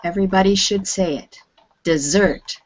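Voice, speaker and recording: Brief: woman English teacher, slow and careful delivery, dull lo-fi call audio. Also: mid-range voice. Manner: slow, patient, clearly enunciating. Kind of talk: online class teaching.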